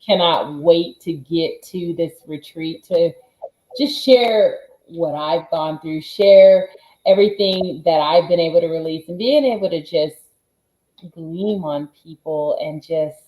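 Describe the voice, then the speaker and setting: A woman fitness coach talking in a casual group chat, energetic and emotional, with tough-coach enthusiasm. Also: lowish voice, slow pace, roomy sound, rough recording.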